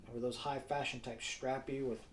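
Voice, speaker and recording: A man reading his own audiobook in an even, mid-range voice. He keeps it casual and drops wry asides to the listener, with faint noise under the recording. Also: medium pitch, a little fast, rough recording. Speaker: narrator and author. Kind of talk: self-read audiobook narration.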